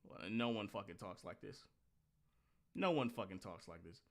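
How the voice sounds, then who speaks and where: A man hosting a reaction commentary, talking bluntly and scornfully with lots of swearing and sudden animated rants. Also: lowish voice, moderate pace, vocal fry. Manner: animated rants with mocking outbursts. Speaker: host.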